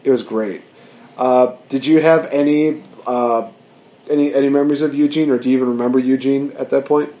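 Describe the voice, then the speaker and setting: A man's voice: medium pitch, fairly even intonation, brisk, warm tone. A man co-hosting a casual podcast, talking eagerly and rambling with lots of fillers. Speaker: podcast co-host. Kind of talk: casual chat. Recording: roomy echo.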